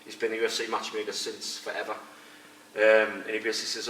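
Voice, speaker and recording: A middle-aged retired fighter and coach, speaking fast in a fairly low voice, bluntly tells fight stories in a casual interview, acting out what others said in quoted voices. The room is echoey, the mic distant, with faint noise.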